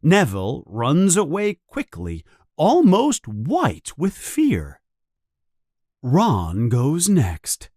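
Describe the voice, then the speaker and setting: A narrator reading a simplified storybook slowly and carefully, with lots of expression. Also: medium pitch, huge pitch swings, a little mellow, no echo, clean studio sound.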